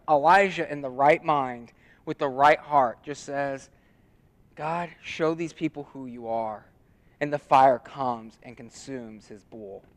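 A male pastor delivers a sermon in a fairly high voice. He swings from hushed, intimate lines to loud, dramatic scripture readings. The sound carries the long reverb of a church hall.

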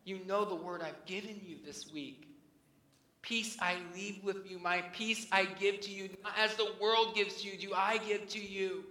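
A man in his thirties delivers a sermon in a bright, forceful voice pitched a little high. He is earnest, builds to emphatic peaks and then drops to hushed near-whispers. The sound is a roomy hall with a long reverb tail. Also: fairly even intonation, measured pace. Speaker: pastor.

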